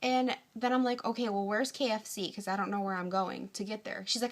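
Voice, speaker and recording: A young woman rants into her phone camera, tired and hungry, her voice sitting in an ordinary middle pitch. She tells the story casually, jumping into animated quotes of both sides of an argument and swearing freely. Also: brisk, hardly any pauses. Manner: exasperated, quoting others in animated bursts, swearing. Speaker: vlogger.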